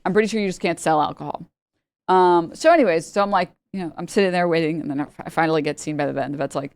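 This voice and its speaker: A woman's voice: fairly low pitch, fast talker, no echo, clean studio sound. A young adult woman streamer telling a long story casually, rambling and laughing, acting out the people she quotes. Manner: rambling, animated, laughs often, acts out quotes.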